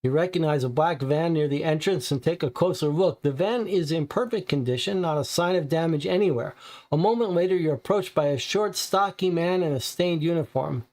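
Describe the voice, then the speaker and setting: Guy reading game cards and working out the case, kinda high voice, talks in quick bursts. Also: a little mellow. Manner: reasons through clues in quick bursts. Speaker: board game player. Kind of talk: thinking aloud while reading game cards.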